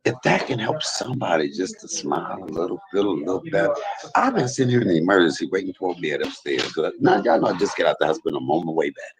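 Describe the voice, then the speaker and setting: A man talks to his viewers from a hospital bed in a low, gravelly voice. His pitch swings widely as he preaches, repeating his points. The chatter of a crowded emergency room carries in the background. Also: fast, low-quality recording. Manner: preachy, animated, repeats himself. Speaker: livestream host. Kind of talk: casual live stream talk.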